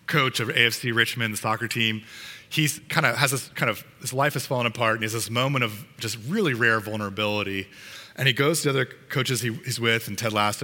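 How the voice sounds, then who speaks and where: A man's voice: medium pitch, sharp tone, in a large hall. A man preaching a sermon to his congregation in an earnest, conversational way, sometimes restarting his sentences. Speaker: pastor.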